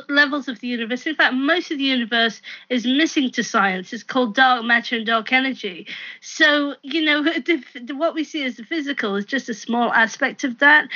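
A woman's voice: sits high, bright, forceful tone, lo-fi sound. A woman guest author explaining her ideas in an interview, with many fillers and restarts. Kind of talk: interview answers.

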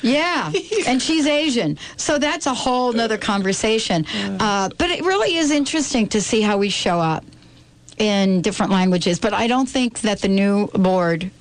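A woman's voice: medium pitch, lively intonation, normal speed, low-quality recording. A woman hosting a talk radio show in a bubbly, chatty, upbeat way.

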